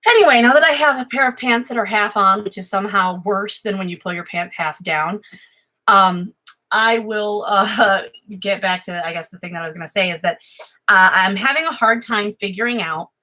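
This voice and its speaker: Rambling bright-voiced American woman. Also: medium pitch, moderate pace, poor audio. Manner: rambling, self-interrupting, swearing freely. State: high. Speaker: vlogger. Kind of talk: rambling casual livestream chat. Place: home office.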